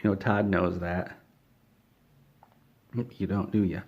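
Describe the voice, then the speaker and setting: A man's voice: deep voice, little pitch movement, slow, muffled recording. A man telling an absurd comedy story in a rambling, mock-serious way.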